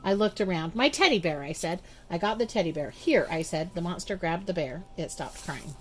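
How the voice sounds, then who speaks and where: A woman reading a children's storybook aloud in an expressive, measured way. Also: on the low side, slight background noise. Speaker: storybook reader. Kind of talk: children's book read-aloud.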